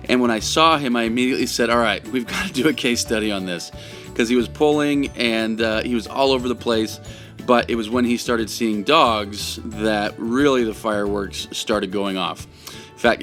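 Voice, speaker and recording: A man working as a dog trainer, explaining his training method in an energetic, chatty way with plenty of fillers. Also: lowish voice. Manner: energetic and explanatory, lots of "you know" and "like". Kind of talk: instructional walkthrough. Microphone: camera following him while he works. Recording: distant mic with music behind.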